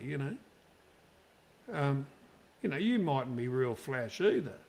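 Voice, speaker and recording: A man's voice: medium pitch, expressive, a little slow, vocal fry, a little mellow. A man with an Australian accent chatting casually, blunt and profane as he airs strong opinions. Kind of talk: casual chat.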